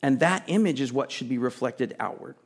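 A man's voice: mid-range voice, expressive, fairly quick, creaky. A male pastor preaching a sermon in a conversational way, with casual asides and emphatic repetition.

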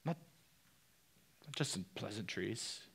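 A man preaching a sermon, swinging between loud peaks and quiet drops, and putting direct questions to the congregation. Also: fairly low pitch, animated, slow pace, creaky, slightly rough. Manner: preaching with sharp rises and drops in loudness. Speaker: pastor.

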